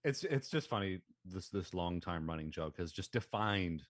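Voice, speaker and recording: A man's voice: sits low, lively intonation, normal speed, dry recording. A man co-hosting a podcast, chatting with wry, dry humor. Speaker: podcast co-host. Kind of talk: casual chat.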